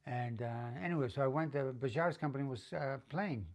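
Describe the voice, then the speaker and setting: A middle-aged man tells a personal story in a loose, unscripted way. He rambles, stops and restarts, and fills gaps with plenty of "uh"s. When he quotes someone, his voice jumps higher and gets louder, and his pitch sits in an ordinary male middle range. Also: brisk. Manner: rambling, with many fillers and restarts. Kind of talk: casual spoken life story.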